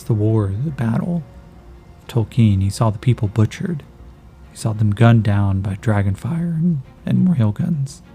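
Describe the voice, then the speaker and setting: A man's voice: mid-range voice, mellow. A man narrating a solo tabletop role-playing game, thinking aloud and calling out dice rolls in a casual way.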